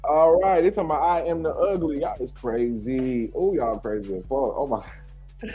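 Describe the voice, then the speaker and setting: A man's voice: measured pace, dark tone, breathy edge, faint music behind. Sassy profane man in gossip commentary. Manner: sassy, profane, with sudden high exclaims.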